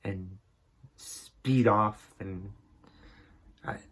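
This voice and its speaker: A man's voice: lowish voice, very slow, a bit bright, slightly rough. Grumpy man ranting on a podcast. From northern New England. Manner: grumpy, exasperated, profane. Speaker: podcast host. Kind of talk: comedic rant.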